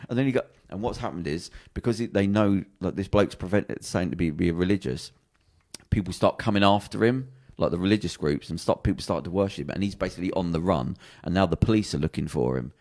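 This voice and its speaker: Fast-talking low-voiced man. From England. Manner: rambling, animated storytelling with acted quotes and restarts. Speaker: podcast co-host. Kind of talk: casual chat, retelling a TV plot.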